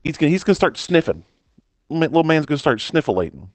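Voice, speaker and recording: A man's voice: fairly high pitch, sing-song, quick pace, no echo, clean studio sound. A young man joking around in slang as a player in a tabletop game.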